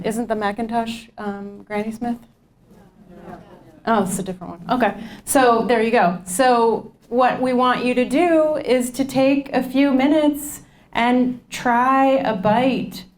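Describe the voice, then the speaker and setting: A woman leading a nutrition class, talking informally to a group and repeating their comments back to them. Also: on the high side. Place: community class room.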